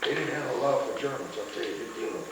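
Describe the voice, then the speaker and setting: A man's voice: medium pitch, rapid-fire. An older veteran man tells rambling wartime stories, repeating words and acting out what others said. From United States. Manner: rambling storyteller, repeats words, acts out quotes. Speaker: veteran interviewee. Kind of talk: oral history recollection. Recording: echoey room, distant mic, faint noise.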